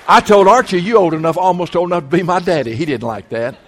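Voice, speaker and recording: A man's voice: high-pitched, fast, long reverb tail, a faint crowd, slight background noise. A man, preaching a sermon as pastor in an emphatic, folksy way. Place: church sanctuary.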